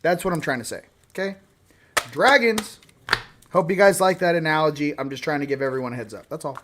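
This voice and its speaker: A man in his forties hosting a casual spiritual talk, rambling and animated, sometimes swearing. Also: a little high, a little fast, background noise. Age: 40s. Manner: rambling, animated, swearing, acts out quoted voices.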